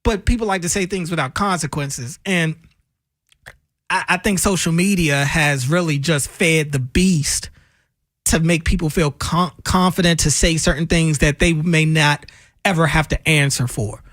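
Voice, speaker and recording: A man's voice: a little high, unhurried, a bit bright, no room sound, studio quality. A man co-hosting a sports talk radio show, talking casually and getting fired up over his opinions. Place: radio studio. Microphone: studio microphone.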